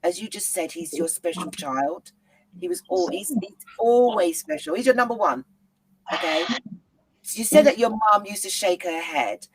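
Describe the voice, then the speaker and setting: A woman hosting a talk show, gently encouraging and soothing her guest as she asks questions. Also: on the low side, lively intonation, normal speed, breathy edge, poor audio.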